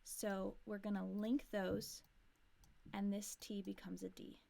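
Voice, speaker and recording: A woman with an American accent teaching English pronunciation, modeling sounds slowly and repeating lines for learners. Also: medium pitch, little pitch movement, gravelly, dark tone. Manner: slow, deliberate modeling of sounds with repetition. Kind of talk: pronunciation lesson.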